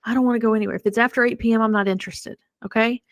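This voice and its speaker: A middle-aged woman hosting a podcast, telling a personal story in a chatty, animated way with self-deprecating humor. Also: fairly high pitch, rapid-fire, dry recording. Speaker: podcast host. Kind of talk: casual storytelling.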